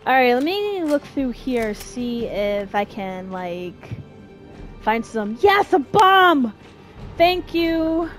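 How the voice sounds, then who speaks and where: Young woman, high and very expressive, unhurried let's-play talk, profane and jumpy, over faint game music. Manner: profane, jumpy, yelling when scared. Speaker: gaming streamer.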